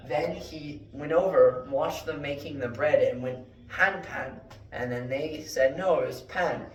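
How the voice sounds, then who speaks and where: A man giving a mock classroom lecture, rambling through deadpan fake word origins with many fillers. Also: on the high side. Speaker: joke Latin teacher. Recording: echoey room, mic at a distance.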